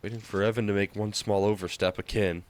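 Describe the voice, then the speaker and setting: A man giving laid-back, measured color commentary on a live esports match. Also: on the low side, level tone.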